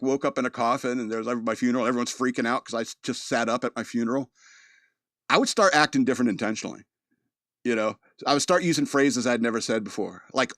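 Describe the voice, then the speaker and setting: A man's voice: mid-range voice, a bit bright, no room sound, studio quality. A man hosting a podcast, telling a story in a casual, rambling way, often laughing at it as he goes. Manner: rambling, laughs at his own story, frequent restarts. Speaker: podcast host.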